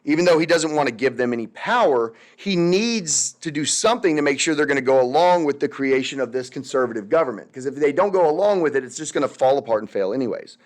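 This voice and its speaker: A man's voice: mid-range voice, expressive, fast talker, hardly any pauses. A young man teaching a recorded history lecture over slides, chatty and loose, with many fillers and wry asides.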